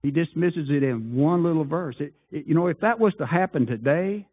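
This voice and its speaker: A man preaching a sermon, firing off rhetorical questions and swinging between loud appeals and hushed asides. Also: fairly high pitch, expressive, a little fast, few pauses. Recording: tinny phone-like sound.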